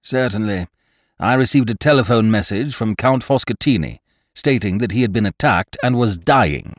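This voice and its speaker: A man voicing a brisk middle-aged male doctor who speaks with urgency. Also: lowish voice, lively intonation, dry recording, studio quality, pitched above the performer's own voice, natural voice. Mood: urgent.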